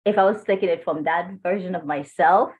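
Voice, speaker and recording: A woman's voice: fairly low pitch, fairly quick, a little mellow. A woman course participant sharing personal feelings, rambling and open with self-conscious laughs. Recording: tinny phone-like call line.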